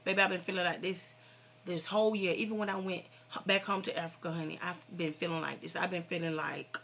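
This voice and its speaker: Casting: middle-aged woman vlogger, gravelly and bright, fervent, preaching straight to camera. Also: on the low side, fairly even intonation, fast, a little hiss or hum. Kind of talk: casual heartfelt vent to viewers.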